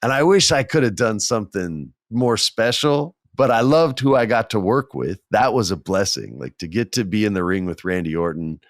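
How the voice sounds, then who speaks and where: A man with a deep, low voice hosts a podcast and tells stories in a casual, lively way. He acts out the quotes with sudden jumps in pitch. The sound is close and dry. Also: moderate pace, few pauses, no echo. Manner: animated, acts out quotes with big jumps in pitch, laughs often. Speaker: podcast host. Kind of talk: casual storytelling.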